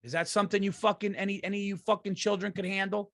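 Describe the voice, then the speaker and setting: A man's voice: little pitch movement, quick pace, vocal fry, no echo. Podcast host: middle-aged New guy, foul-mouthed ranter, raised voice, dead-dry booth sound. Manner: profane, swings from loud rants to low muttering. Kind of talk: ranting comedic monologue.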